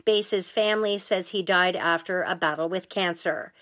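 Woman anchor reading national radio news. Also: on the low side. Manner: measured, even news delivery. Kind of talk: newscast reading.

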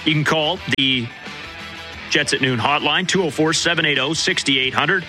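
Twenty-something guy on sports radio, kinda high bright voice, chatty. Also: faint music behind. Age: 20s. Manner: quick, upbeat host banter with fillers. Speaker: radio sports show host. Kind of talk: casual sports radio chat.

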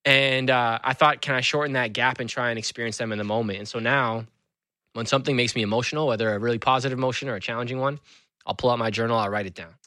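A man's voice: mid-range voice, fast, no room sound, clean studio sound. A man who is an author and school speaker, telling stories animatedly as an interview guest. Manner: animated storyteller. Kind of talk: conversational interview.

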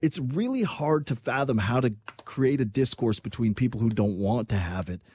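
A young man giving an impassioned, animated opinion rant, talking about his country as if from there, with mocking asides. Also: mid-range voice, moderate pace, slightly rough. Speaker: political commentator. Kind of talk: opinionated political talk.

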